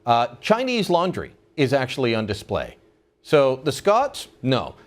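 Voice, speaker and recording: A man's voice: medium pitch, wildly swooping pitch, unhurried. A man from Canada hosting a casual talk, explaining things conversationally with many fillers. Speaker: host. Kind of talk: casual chat.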